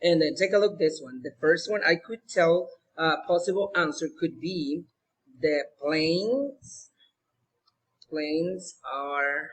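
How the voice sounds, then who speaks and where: A young man, teaching a recorded homework lesson to schoolchildren, slow and patient, repeating words and checking in often. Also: on the high side, husky. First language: Spanish.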